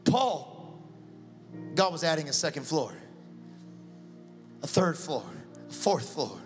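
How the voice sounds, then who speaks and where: A man with a high voice preaches a sermon, acting out the voices in his stories. His words ring with a long echo through the church hall. Music plays beneath him. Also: sing-song, slow pace. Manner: storytelling, acting out dialogue with God. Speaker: pastor.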